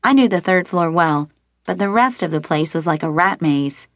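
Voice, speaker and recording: A woman's voice: lowish voice, lively intonation, moderate pace, no echo, clean studio sound. A woman narrating a first-person romance audiobook, lightly shifting her voice for characters. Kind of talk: scripted narration.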